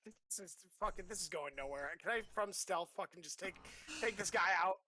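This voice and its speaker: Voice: mid-range voice, moderate pace, sharp tone. A player at a tabletop game who talks bluntly and swears freely. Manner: blunt and profane. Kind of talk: casual tabletop play.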